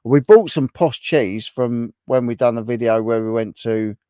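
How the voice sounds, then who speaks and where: A middle-aged man from England hosts a casual livestream, chatting back to viewers' comments. His mid-range voice is mellow, clear, and resonant at a moderate pace, recorded dry with studio quality.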